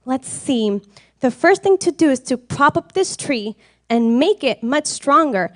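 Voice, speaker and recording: A woman doing a steadfast gentle elephant. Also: high-pitched, expressive, measured pace, dry recording, studio quality. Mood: earnest. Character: faithful gentle male elephant.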